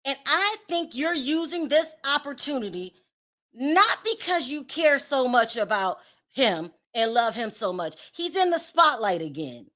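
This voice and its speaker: Bright, sassy woman dishing gossip. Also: high-pitched, sing-song, a little slow. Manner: blunt, sassy and dismissive. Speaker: celebrity gossip host. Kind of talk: casual commentary.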